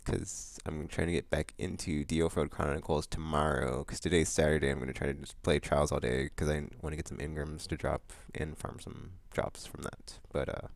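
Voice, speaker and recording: A man with a low, deep voice rambles through his monthly vlog. He is casual and full of fillers, breaks into excited bursts, and is recorded dry and close. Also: moderate pace, vocal fry, hardly any pauses, no echo. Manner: loose, rambling, many fillers and restarts; excitable outbursts about upcoming games. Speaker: vlog host.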